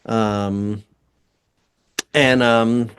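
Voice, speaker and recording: A man's voice: fairly low pitch, steady tone, fairly bright tone, slight background noise. A man being interviewed as a guest composer and voice actor, chatting casually with a rambling delivery and frequent laughs. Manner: slow, rambling, laughs often.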